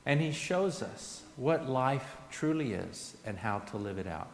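A pastor giving a sermon in a church, earnest, pushing his questions up and letting his statements fall soft. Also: medium pitch, animated, measured pace, gravelly. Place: church sanctuary. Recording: echoey church hall with long reverb.

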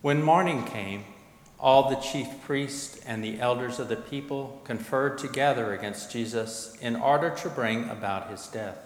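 A man reads the narration of a scripture passage at a steady, solemn pace. His voice sits at an ordinary pitch and carries through a large, echoing church with a long reverb tail. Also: unhurried. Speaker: narrator of a dramatized scripture reading. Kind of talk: liturgical reading. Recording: echoey hall, long reverb.

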